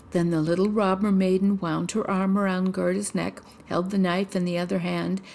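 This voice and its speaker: Gravelly, low-voiced woman storyteller. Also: dark tone, a little hiss or hum. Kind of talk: fairy tale reading.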